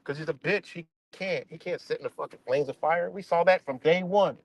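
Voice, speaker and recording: A man hosting a live stream, ranting casually and profanely, filling pauses with "right?" and "you know?". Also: on the high side. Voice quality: dreadlocks wearer talking in a loose, street-casual way.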